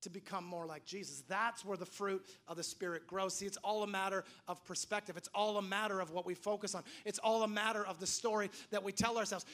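A man preaching a sermon as pastor, telling animated stories and acting out the voices of the people he quotes. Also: high-pitched, a little fast, few pauses.

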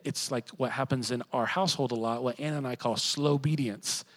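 A man preaching a sermon in a conversational way, sometimes quiet and reflective, sometimes rising to emphatic. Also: mid-range voice, fairly even intonation, brisk, few pauses, rough recording. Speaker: pastor.

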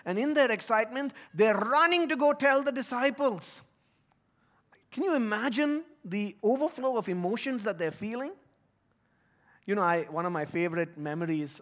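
Man, pastor, emphatic sermon, high-pitched voice. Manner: earnest, emphatic preaching.

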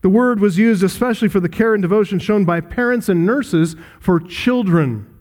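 A man's voice: sits high, normal speed, a little mellow. A man pastor preaching an expository sermon, earnest, with rhetorical questions to the congregation.

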